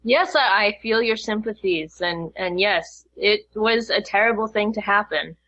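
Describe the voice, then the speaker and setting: A woman's voice: mid-range voice, normal speed, fairly bright tone. A woman player speaking in character in a tabletop game, formal, polite and assertive. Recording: dull, lo-fi sound.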